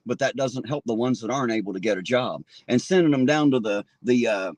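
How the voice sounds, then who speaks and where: This livestream host is fired up and indignant, cursing heavily as he rants from a town street on his phone. He speaks fairly quickly in a mid-range, darkish voice, with no echo and the highs cut off.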